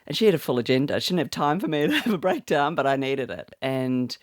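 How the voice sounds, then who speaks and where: A woman's voice: extremely low pitch, expressive, fast, no echo, studio quality. A middle-aged woman from Australia, a guest author telling a personal story openly and reflectively in an interview. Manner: open, reflective, emotional storytelling. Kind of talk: candid interview conversation.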